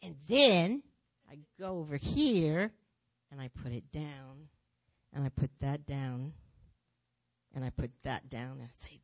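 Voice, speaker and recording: A woman speaking in church, telling her testimony as a lively story with repeated phrases. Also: deep voice, slow, long pauses, dry recording. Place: church sanctuary.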